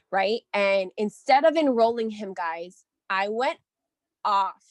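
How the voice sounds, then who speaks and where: A woman leading a team call, coaching her sales team in an energetic, chatty way, often checking in with "right?". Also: medium pitch, moderate pace, no room sound.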